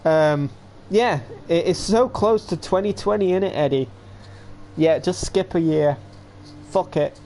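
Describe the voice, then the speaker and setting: A young man in his late teens with a voice pitched a little higher than most men's. He chats loosely to his viewers during a home livestream, rambling from one thought to the next. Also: measured pace, a little mellow, slight background noise. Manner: rambling, chatty, talks straight to viewers. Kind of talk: casual rambling livestream chat.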